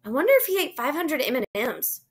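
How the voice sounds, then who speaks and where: A woman's voice: high voice, sing-song, fairly quick, pitched above the performer's own voice. A woman reading aloud, voicing a prim, skeptical young schoolgirl in a storybook. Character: bossy know-it-all young schoolgirl.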